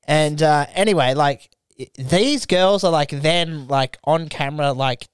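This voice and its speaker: A man's voice: on the high side, a little slow, a little hiss or hum. A man hosting a podcast, telling a rambling story in casual chat, swearing a lot and acting out quotes. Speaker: podcast host.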